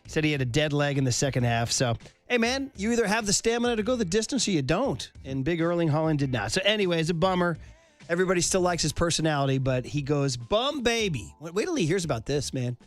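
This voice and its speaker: Animated, joking male sports radio host. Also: a little high, fast, no echo, faint music behind. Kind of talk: casual sports talk radio chat.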